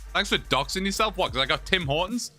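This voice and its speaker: A man's voice: high voice, bright, forceful tone. A British man from England, chatting casually and joking with viewers during a live gaming stream. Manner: chatty, joking, many restarts.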